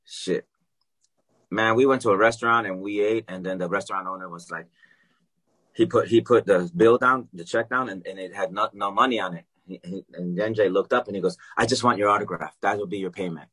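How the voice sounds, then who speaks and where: A man telling a long story in casual chat, animated and swearing freely. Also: low voice, a little fast, breathy edge. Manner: animated, swears freely, acts out quoted dialogue.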